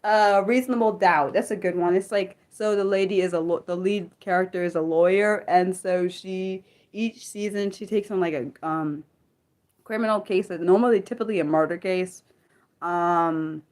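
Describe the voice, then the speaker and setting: A woman hosting an unscripted livestream, chatting and rambling with viewers and reacting loudly to the chat. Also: medium pitch, normal speed. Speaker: livestream host.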